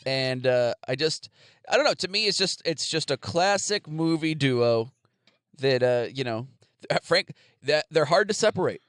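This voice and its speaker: A man's voice: on the high side, animated, unhurried, a bit bright, dry recording, studio quality. Rambling, jokey male podcast co-host. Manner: rambling, jokey, often trails off and restarts. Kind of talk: casual comedic chat.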